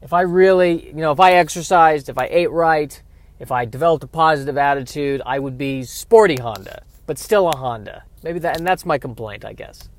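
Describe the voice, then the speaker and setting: A man's voice: fairly high pitch, normal speed. Introspective man musing aloud while driving. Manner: introspective, self-questioning, thinking aloud. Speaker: podcast host. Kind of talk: solo comedic musing podcast.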